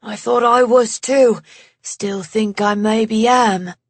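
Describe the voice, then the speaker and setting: A woman voicing a solid ink creature man with an English accent, soft-spoken and apologetic, overwhelmed by his situation. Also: on the high side, fairly even intonation, slow, no echo. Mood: shaken. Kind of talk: audiobook character voice.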